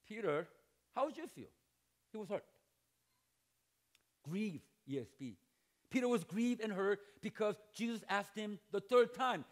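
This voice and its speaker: A middle-aged man preaching a sermon to students in a church hall, animated and joking, acting out dialogue and shouting at emphatic points. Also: sits high, moderate pace, pauses often. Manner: animated, acts out dialogue and jokes. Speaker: pastor.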